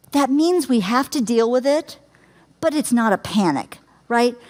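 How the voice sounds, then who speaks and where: A middle-aged woman with a somewhat high voice leads a caregiving workshop in a lecture room. She is chatty and laughs easily, and she keeps turning to the audience with questions. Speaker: caregiving educator. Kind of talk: live workshop talk to an audience.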